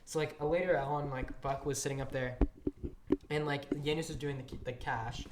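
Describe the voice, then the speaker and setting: A podcast co-host telling a story in casual chat, acting out what coworkers said in lively quoted voices. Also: mid-range voice, moderate pace. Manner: animated, acts out what coworkers said. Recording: echoey room with steady noise.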